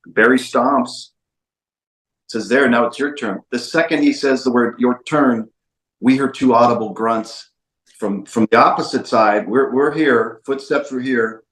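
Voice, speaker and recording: A man's voice: medium pitch, measured pace, a bit bright, echoey room. A man, a documentary filmmaker guest, tells a story in an interview with emphatic repetitions. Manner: emphatic, repeats phrases for stress.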